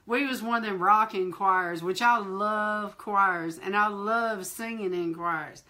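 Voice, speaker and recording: A woman hosting a fireside chat, telling a personal testimony in a lively, colloquial way and talking straight to her listeners. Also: medium pitch, takes it slowly. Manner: animated, laughing, acts out quoted voices; colloquial, addresses listeners directly. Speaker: ministry host.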